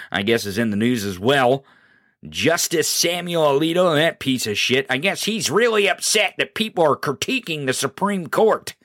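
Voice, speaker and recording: A man's voice: medium pitch, pushed and bright, dry recording, clean studio sound. A man hosting a live political podcast, ranting profanely and sarcastically about the news. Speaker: podcast host.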